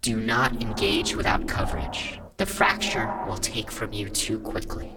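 A man's voice: fairly low pitch, fairly even intonation. A man voicing a weak, wounded stranger who talks in a lilting, effete, cryptic way. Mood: cryptic, feeble. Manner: slow cryptic murmuring. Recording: loud background noise.

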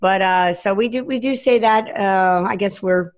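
A woman from Southern Maryland hosting a casual interview, agreeing readily and reflecting on helping clients. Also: mid-range voice. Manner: warm affirming, quick to agree. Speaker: podcast host.

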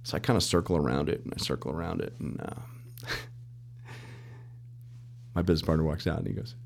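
Middle-aged podcast guest with a very low voice, animated storyteller who acts out quotes. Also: male voice, fairly quick, vocal fry, pauses often. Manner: animated storyteller, acts out quoted dialogue, restarts and laughs often. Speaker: mortgage lender and podcast guest. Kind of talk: casual storytelling interview.

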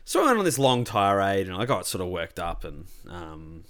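A young Australian man chats casually, telling a long rambling story with plenty of swearing. His voice sits a bit low but swings around a lot in pitch. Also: normal speed. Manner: rambling, animated, swears freely. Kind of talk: casual chat.

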